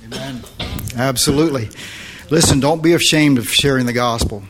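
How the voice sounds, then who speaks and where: A man's voice: medium pitch, normal speed. A man hosting a Christian talk show, giving encouraging advice to a caller and then leading a prayer. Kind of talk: pastoral advice and closing prayer.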